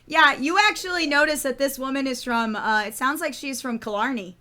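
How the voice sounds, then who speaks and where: A woman running a tabletop game as game master, playful and casual, with quick asides and swearing. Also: high voice, bright, forceful tone.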